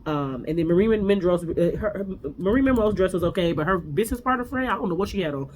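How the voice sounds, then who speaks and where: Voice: mid-range voice, lively intonation, fast talker. This host chats through a reality TV recap in a mid-range voice, rambling and opinionated, with lots of stops and restarts. A faint hum of background noise sits under the talk.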